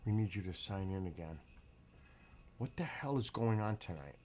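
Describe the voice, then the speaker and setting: A man's voice: on the low side, animated, moderate pace, a little mellow, slight background noise. A man chatting casually on a live stream, rambling, swearing freely and bursting into laughs. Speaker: livestreamer.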